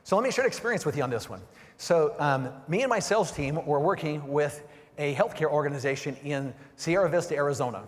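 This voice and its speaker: A middle-aged man giving an energetic keynote on sales, often checking in with the audience by asking "right?" and "okay?". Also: fairly high pitch, fast. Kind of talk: motivational keynote presentation. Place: large conference hall. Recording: long hall reverb.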